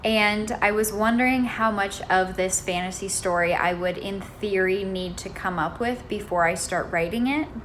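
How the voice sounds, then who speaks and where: Woman, writing vlogger, casual chat, thinking aloud, rambling, medium pitch, faint background hiss. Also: a bit bright. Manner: rambling, musing, with many fillers. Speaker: writer and vlogger.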